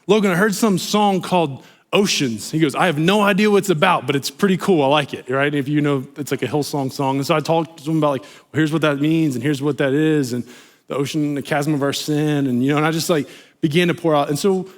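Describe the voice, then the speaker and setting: A young American man preaching a sermon as a pastor, telling a personal story in a lively, animated way and acting out the voices he quotes, with lots of "you know" and "like". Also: fairly high pitch, brisk. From United States.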